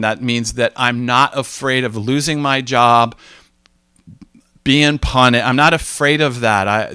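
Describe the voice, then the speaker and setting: In an informal teaching talk, a man tells stories conversationally and acts out the voices of those he quotes. His mid-range voice has a fairly bright, smooth tone with no echo.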